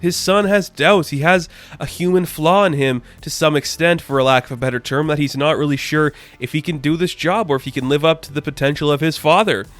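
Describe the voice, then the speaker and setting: A man's voice: fairly high pitch, a little fast, fairly bright tone, faint music behind. A man giving a casual comic book review, chatty and full of fillers, loosely paraphrasing what the characters say.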